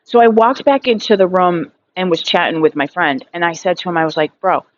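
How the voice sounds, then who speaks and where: A woman's voice: on the low side, fairly quick, highs cut off, slight background noise. A woman in her thirties telling a story in a casual vlog monologue, frank and rambling, swearing freely and filling her sentences with fillers. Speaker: recovery vlogger.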